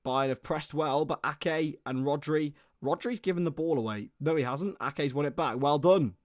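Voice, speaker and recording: Excitable man calling live football. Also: fairly high pitch, moderate pace, no echo, clean studio sound. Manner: excitable, self-mocking, greets chat viewers between plays. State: voice starting to go hoarse. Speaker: football watchalong host. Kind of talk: live play-by-play commentary.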